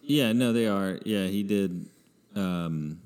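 A man's voice: deep voice, slow, a little mellow, clear, resonant tone, big-room sound. A man hosting a podcast in casual chat, rambling with many fillers. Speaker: podcast host.

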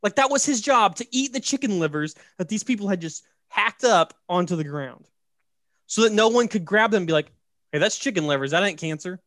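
A man casually telling a story on a podcast, joking and animated, tossing in "right?" and "like" as he goes. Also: high voice, fairly quick, no echo, studio quality. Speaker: podcast host.

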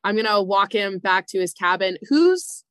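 Hyped lady player at a tabletop game, swears a lot, loud reactions, dry close mic. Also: mid-range voice, normal speed, smooth, no echo. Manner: excitable, swears, exclaims loudly. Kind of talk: casual tabletop game play.

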